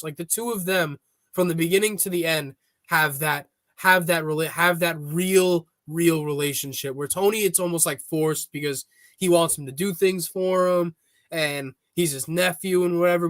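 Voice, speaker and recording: Slightly high-voiced rambling podcast host, man. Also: a bit bright, dry recording. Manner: rambling storyteller, many fillers and restarts. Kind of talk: casual chat.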